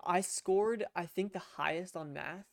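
Here a young podcast co-host sits at his home computer, casually telling a long story that rambles, restarts, and includes swearing. His high voice is creaky and measured in pace, picked up by a headset in a dry recording.

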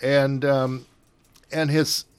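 An older man talks in a loose, halting way, stopping for fillers and starting over. His voice sits at an ordinary pitch. The sound is dry and close. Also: flat delivery, smooth, no room sound. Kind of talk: casual chat.

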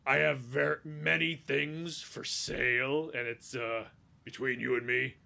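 A man voicing a vain, boastful male monster who leads a cave gang and shouts at his underlings. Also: mid-range voice, little pitch movement, unhurried, vocal fry, full character voice. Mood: scheming. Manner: refers to himself in third person; loud, shouting, self-satisfied.

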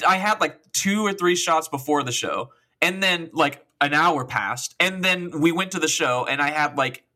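A young man in his twenties co-hosting a podcast, telling a long, profane story casually with lots of quoted dialogue. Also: on the high side. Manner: rambling, profane, animated retelling with quoted dialogue. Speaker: podcast co-host.

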